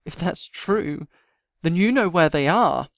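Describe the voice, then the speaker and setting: A man's voice: a little high, lively intonation, measured pace, a bit bright, no echo. Guy voicing a heartbroken mom on a ledge, game roleplay, despairing, dry mic. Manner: despairing, tearful protests. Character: grieving distraught mother on a ledge.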